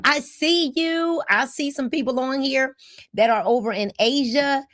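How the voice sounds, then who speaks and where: A woman's voice: high-pitched, measured pace, fairly bright tone, no room sound, clean studio sound. A woman, hosting a casual livestream and greeting viewers by name in an upbeat way. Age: 50s. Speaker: host of a livestream.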